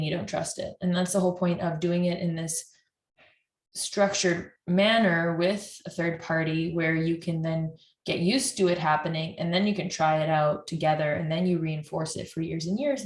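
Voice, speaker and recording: A woman's voice: lowish voice, roomy sound. A woman couples therapist earnestly explaining at length to camera, often restarting her sentences.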